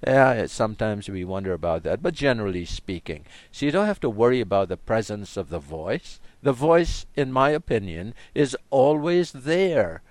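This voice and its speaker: A man in a reflective spiritual chat, talking in a slow, musing way and often dropping his voice to a quiet tone. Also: medium pitch, sing-song, no room sound. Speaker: co-host.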